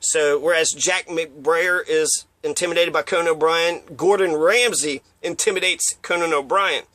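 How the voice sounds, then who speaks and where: A man's voice: on the high side, steady tone, normal speed, sharp tone, dry recording. A man giving a rambling, profane monologue of opinions, now and then acting out quotes in mocking voices. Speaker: commentator.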